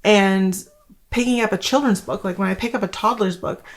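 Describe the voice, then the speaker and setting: A woman's voice: mid-range voice, brisk. A woman from Canada, in her thirties, talking casually to camera about homeschooling, rambling with many fillers. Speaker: homeschooling vlogger.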